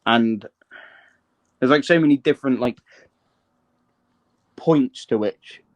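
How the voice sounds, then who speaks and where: A man's voice: medium pitch, slow pace, dull audio. A man, a guest in a casual live-stream interview, telling his story in a rambling, hesitant way and often checking that the listener is following.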